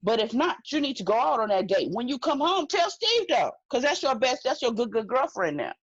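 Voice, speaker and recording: A woman's voice: a little high, sing-song, a little fast, no room sound, lo-fi sound. A woman from California co-hosting a casual recap podcast, talking in an emphatic, slangy way and handing out blunt advice. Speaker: podcast co-host.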